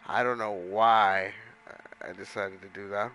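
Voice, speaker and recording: A man's voice: on the low side, steady tone, unhurried, pushed and bright, a little hiss or hum, rough recording. A man casually telling a long story while playing a video game, rambling with lots of swearing and fillers. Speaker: gaming streamer.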